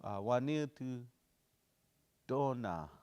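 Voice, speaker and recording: A man teaching a language class, slowly repeating phrases to drill pronunciation, with casual, folksy explanations. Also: mid-range voice, lively intonation, darkish tone, clean tone.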